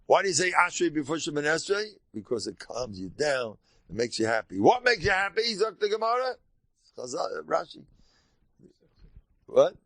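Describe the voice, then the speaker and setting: An older man, a rabbi, giving an informal Torah lecture in American Orthodox Jewish English, emphatic and animated, jumping between high exclamations and low asides. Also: vocal fry, no room sound.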